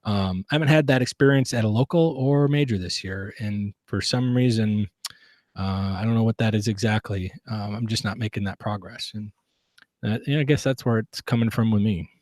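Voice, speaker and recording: A man's voice: fairly low pitch, normal speed, darkish tone, dry recording. Earnest, reflective man, dry sound. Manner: earnest, reflective, many restarts. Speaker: guest, competitive shooter. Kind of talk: casual podcast interview.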